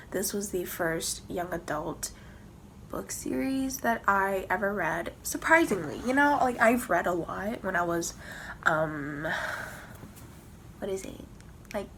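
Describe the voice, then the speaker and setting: Young woman book vlogger, dramatic and emotional, mid-pitched, faint hiss behind. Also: fairly bright tone. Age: young adult. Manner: emotional, swearing, laughing, dramatic ranting. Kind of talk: casual vlog chat.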